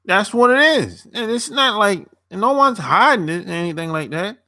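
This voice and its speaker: A man's voice: high voice, animated, normal speed, sharp tone, no room sound, clean studio sound. A young man chatting loosely on a live stream, answering viewers as a dating coach, rambling and repeating himself with casual swearing.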